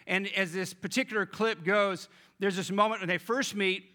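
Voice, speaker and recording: Casting: male pastor, bright and forceful, a bit high, chatty preaching. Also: steady tone, normal speed. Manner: conversational, addresses the congregation directly. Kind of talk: sermon.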